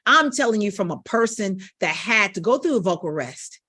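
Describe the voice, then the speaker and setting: A woman's voice: medium pitch, animated, moderate pace, bright, forceful tone, husky. A middle-aged woman vocal coach, teaching with emotion and repeating phrases for emphasis. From Gary, Indiana, USA.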